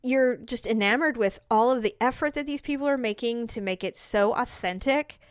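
A woman's voice: fairly high pitch, moderate pace, clean tone, dry recording, studio quality. A woman telling a long funny story in casual chat and acting out the people in it. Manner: animated storytelling, acts out quoted voices.

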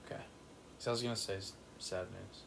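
A man's voice: low-pitched, fairly even intonation, a little fast, gravelly, fairly bright tone, slight background noise. A young man co-hosting a sports podcast, jokey and self-deprecating in casual banter. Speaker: podcast co-host.

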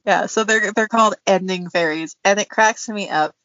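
A woman's voice: medium pitch, normal speed, fairly bright tone, dry recording. A chatty woman co-hosts a podcast, laughing often as she talks. Her speech is loose and full of fillers. The recording is dry and a little muffled. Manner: giggly, chatty, lots of fillers. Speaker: podcast co-host. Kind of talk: casual chat.

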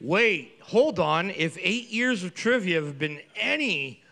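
A man's voice: high-pitched, lively intonation, slow pace, vocal fry, sharp tone. A man co-hosting a trivia quiz with sarcastic banter and comic tangents. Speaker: trivia co-host. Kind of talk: casual banter.

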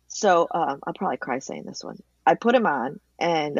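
A woman telling her own story in a candid interview, lively and emotional at times. The sound is dry and close, with a slightly dull, muffled tone. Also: low-pitched, normal speed, gravelly, hardly any pauses, husky, no room sound. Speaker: interview guest, cancer advocate.

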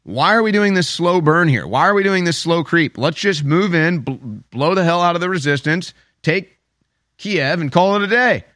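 A man's voice: a little high, expressive, moderate pace, fairly bright tone, dry recording, voice pushed up. A man acting out a pushy male military officer, his voice a little raised, sounding dry. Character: impatient male military officers urging attack.

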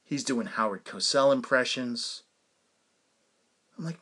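A man in his forties hosts his own podcast and talks alone in a loose, rambling way. His pitch swings widely as he tells a story, and he fills the gaps with "like" and "you know" and laughs at his own tales. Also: moderate pace. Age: 40s. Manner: rambling, animated storytelling with frequent fillers and laughs. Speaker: podcast host. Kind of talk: casual solo monologue.

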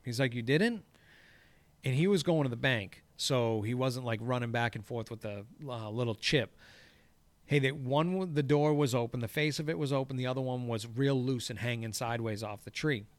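A man's voice: medium pitch, fairly quick, dry recording. Profane man telling a story, dry sound. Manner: profane, acts out quoted dialogue. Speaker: golf course crew boss. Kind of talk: casual storytelling.

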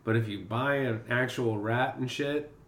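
A man in casual chat, talking loosely with swearing and quick restarts. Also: medium pitch, steady tone, fairly bright tone, a little hiss or hum. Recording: roomy echo.

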